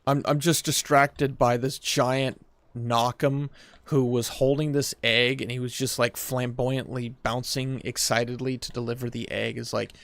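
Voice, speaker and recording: A man's voice: medium pitch, flat delivery, a little slow, vocal fry, a bit bright, no echo. A man co-hosting a casual gaming stream, making dry wisecracks while distracted by the game. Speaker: streamer co-host.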